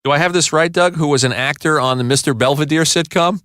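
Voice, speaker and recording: A man's voice: fairly high pitch, quick pace, a bit bright, clear, resonant tone, no room sound, clean studio sound. A man co-hosting a casual podcast, playfully asking questions and setting up stories.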